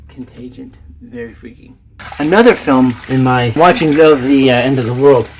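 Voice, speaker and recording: At home, a male vlogger rambles casually about films he has watched in a medium-pitched voice, with slight background noise. He is chatty and self-deprecating.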